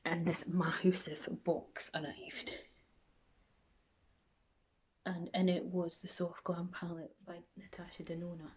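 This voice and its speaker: A woman's voice: lowish voice, flat delivery, unhurried, a little mellow, breathy edge. A woman with a Scottish accent chatting and rambling through a makeup tutorial for her vlog, often dropping into a near whisper. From Scotland. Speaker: makeup vlogger.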